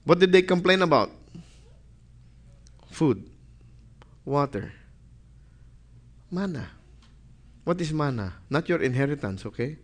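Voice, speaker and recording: A man's voice: on the high side, expressive, takes it slowly, long pauses. A man preaching a sermon, reading scripture aloud and putting questions to the congregation that he answers himself. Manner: reads scripture aloud with rising emphasis.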